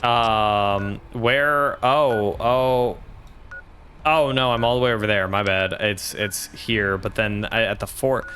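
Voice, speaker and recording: A man's voice: lowish voice, takes it slowly, a bit bright, slight background noise. A man streaming a game, joking and rambling in casual commentary, cursing freely.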